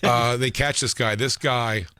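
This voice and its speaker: A man's voice: medium pitch, measured pace. A male comedian hosting a radio show, telling a story with a lot of energy and acting out the voices of the people in it. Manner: animated storyteller who acts out quoted voices. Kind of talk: casual radio show chat.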